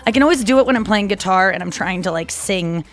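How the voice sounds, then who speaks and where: A woman's voice: medium pitch, lively intonation, fast talker. A woman hosting her own podcast, talking in a rambling, self-correcting, confessional way. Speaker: podcast host. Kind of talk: casual chat.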